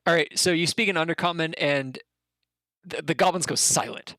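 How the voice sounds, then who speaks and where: A game master narrating a tabletop game in a joking, animated way. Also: mid-range voice, normal speed, no echo, low-quality recording.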